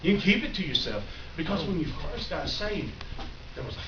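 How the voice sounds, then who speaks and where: A man preaches to a youth group with animated energy, acting out excited voices and often breaking into shouts. He is picked up from a distance in a roomy, echoing space. The recording is dull and carries steady noise. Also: high-pitched, moderate pace. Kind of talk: sermon. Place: church youth room. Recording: dull echoey room recording from a distance, noisy.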